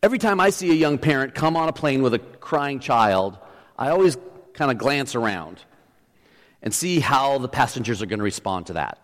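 A man's voice: medium pitch, big pitch swings, moderate pace, fairly bright tone. A middle-aged male pastor preaching a sermon, telling a story with restarts and building to emphatic points. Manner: storytelling, often restarts, rises to emphatic peaks. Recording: long hall reverb.

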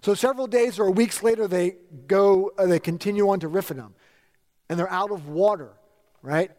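A man delivers a sermon in a high, ringing voice. He drives his points home with repeated phrases that rise in emphasis. His words linger in the long reverb of a large hall. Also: normal speed, darkish tone. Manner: emphatic preaching with repeated lists and rising emphasis. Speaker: pastor.

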